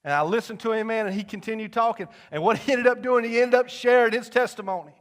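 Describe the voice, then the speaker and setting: A young man, preaching a folksy personal testimony that swings from loud to hushed. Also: very high voice, quick pace. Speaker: pastor. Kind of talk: sermon testimony.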